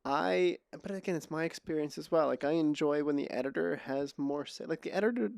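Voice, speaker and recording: A man hosting a casual podcast conversation, sarcastic and quick to laugh, often restarting his words. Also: fairly high pitch, vocal fry, a little mellow, dry recording, clean studio sound. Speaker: podcast host.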